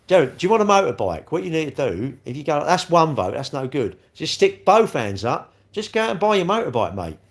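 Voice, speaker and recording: A man's voice: a little high, sing-song, a little fast, few pauses. Chatty man on a live stream. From London. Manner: chatty, rambling, tag questions, calls viewers mate. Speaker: livestream host. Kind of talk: casual live chat reading comments.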